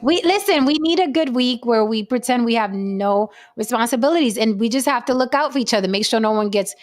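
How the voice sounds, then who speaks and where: Female podcast host, higher-pitched, brash and excitable, swears freely in casual chat. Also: a little fast.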